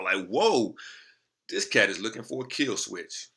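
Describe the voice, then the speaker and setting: A man telling a story to the camera in casual, slangy talk, lively and animated. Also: lowish voice, measured pace, gravelly. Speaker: motivational speaker.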